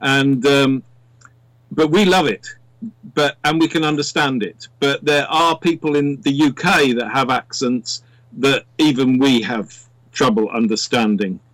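A man's voice: mid-range voice, measured pace, a bit bright, no echo, poor audio. A man from England with a southern English accent, chatting casually as a radio guest. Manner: chatty, slips into other accents.

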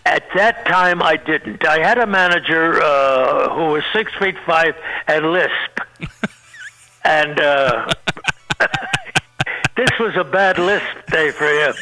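Older guy comic rambling thru old showbiz stories, highish voice, cracks himself up. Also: takes it slowly, sharp tone, soft background music, rough recording. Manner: rambling, self-interrupting, laughs at own punchlines. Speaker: interview guest, comedian. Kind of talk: anecdotal storytelling.

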